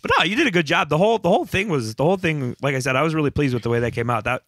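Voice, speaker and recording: Casting: fast-talking man with a bright, lively voice, trips over his words. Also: fairly high pitch, dry recording, studio quality. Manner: stammering, repeats words. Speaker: improv performer. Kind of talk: casual chat.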